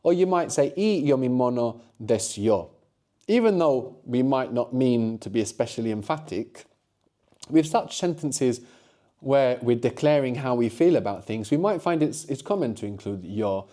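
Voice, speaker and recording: With a mellow, warm tone at a steady middle pitch, a middle-aged man teaches a spoken language lesson. His explanations run long, punctuated by frequent quick tag questions.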